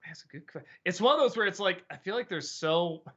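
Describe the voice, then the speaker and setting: A man hosting a casual live-stream Q&A, thinking aloud with many pauses and restarts. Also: high voice, expressive, pushed and bright, lo-fi sound. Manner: musing, hesitant, many ums and restarts. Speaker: host.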